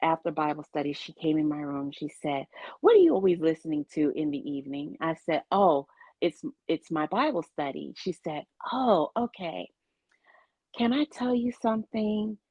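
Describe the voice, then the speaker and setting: A woman's voice: low-pitched, animated, normal speed, warm tone, husky, no echo, muffled recording. A woman giving an interview, telling her personal story of illness and faith with earnest storytelling and quoted dialogue. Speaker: interview guest.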